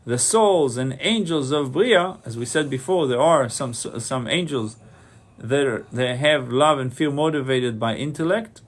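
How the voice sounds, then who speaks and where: Rabbi explaining Hebrew terms. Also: male voice, mid-range voice, measured pace. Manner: explains Hebrew terms then translates them, repeats phrases, many restarts. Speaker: rabbi teaching a class. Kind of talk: Torah lecture.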